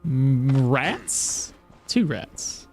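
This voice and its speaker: A man's voice: medium pitch, animated, extremely slow, a little mellow, soft background music. A man streaming a video game, chatting casually, thinking aloud and answering his chat as he plays. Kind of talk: live gameplay commentary.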